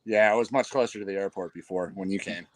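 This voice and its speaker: A man's voice: sits low, fast. A man joining a podcast as a guest over a video call, talking in a laid-back, friendly way. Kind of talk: casual chat.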